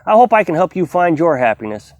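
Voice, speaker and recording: A man in his fifties talking casually to camera, giving an animated, preachy pep talk as a vlogger. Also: a little high, a little fast, no room sound. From United States.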